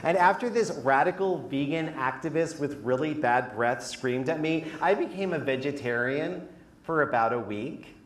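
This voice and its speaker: A man's voice: on the high side, animated, moderate pace, echoey room, a little hiss or hum. A man from New York and Connecticut giving a comedic talk, slipping into theatrical mock voices. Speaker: speaker, performance artist.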